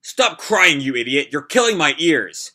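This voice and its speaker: Man playing a hotheaded mercenary thug, loud, impatient, bright forceful voice, manga read-aloud. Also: a little high, big pitch swings, a little slow, exaggerated voice. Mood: angry. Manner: shouting threats, loud and impatient. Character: brash, short-tempered male mercenary thug.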